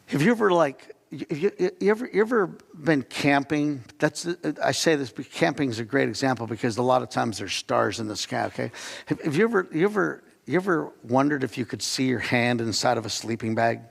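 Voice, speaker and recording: Gravelly-voiced man preaching in a reverberant church. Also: mid-range voice, expressive, a little fast. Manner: conversational preaching with audience questions and acted-out quotes. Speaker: pastor. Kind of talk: sermon. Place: church sanctuary. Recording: long church hall reverb.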